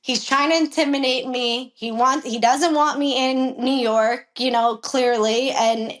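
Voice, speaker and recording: A young adult woman, a professional jockey, telling a story in a podcast interview, animated and profane, acting out what people said. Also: high voice, a little slow. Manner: animated, profane, acts out quotes with raised voice.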